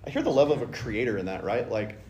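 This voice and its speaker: A man's voice: medium pitch, quick pace, warm tone, slight background noise. A man teaching a casual Bible study, enthusiastic and chatty, often acting out scripture lines. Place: church meeting room. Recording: roomy room sound.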